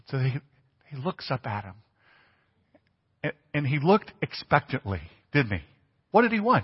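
Husky preacher in an echoing hall. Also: male voice, a little high, very animated, normal speed, pauses often. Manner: conversational preaching, asks the congregation questions. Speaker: pastor. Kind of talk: sermon. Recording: dull lo-fi church recording with long reverb.

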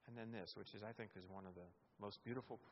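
A middle-aged man preaching as a guest in a church sanctuary, earnest and emphatic, swelling louder on key words. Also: lowish voice, fairly even intonation, quick pace, a little hiss or hum. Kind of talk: sermon. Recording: echoey hall, dull lo-fi sound.

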